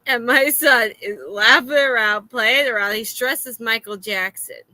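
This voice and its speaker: A woman with a Florida accent telling a story in a casual, exasperated way, filling pauses with "uh". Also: a little high, dry recording, rough recording. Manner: animated, exasperated, many "uh" fillers.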